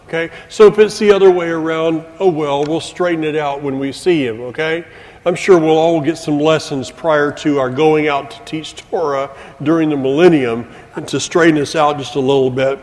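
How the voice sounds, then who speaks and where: A man's voice: on the high side, a little mellow. A middle-aged man preaching a sermon as a teacher, with folksy joking asides to the congregation. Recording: long hall reverb.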